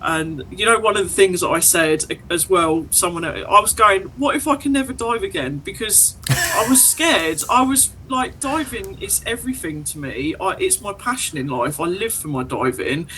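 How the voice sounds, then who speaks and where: Woman guest, bright forceful voice, tells her story all animated, acts out what people said. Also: lowish voice, moderate pace, a little hiss or hum, rough recording. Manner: animated, emotional retelling with quoted dialogue. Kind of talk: personal storytelling in an interview.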